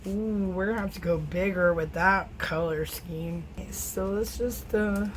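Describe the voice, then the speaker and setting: A woman's voice: on the low side, measured pace, slight background noise, low-quality recording. A middle-aged woman, an acrylic pour artist, chatting casually and rambling while she paints in her home studio. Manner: chatty, rambling, self-teasing.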